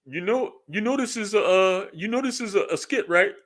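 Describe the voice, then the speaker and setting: A man's voice: sits high, animated, moderate pace, a bit bright, voice pushed up. A man putting on a mocking voice for a smug, self-assured know-it-all commenter. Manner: mocking, condescending, repetitive.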